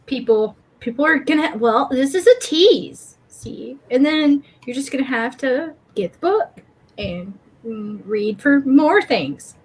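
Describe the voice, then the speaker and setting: A tipsy Irish woman chatting on a livestream, giggly and halting, restarting her sentences. Her voice sits high and swings widely in pitch, and she speaks slowly. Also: lively intonation, a little hiss or hum, low-quality recording. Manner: giggly, halting, self-interrupting. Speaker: livestream cohost. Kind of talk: casual livestream chat.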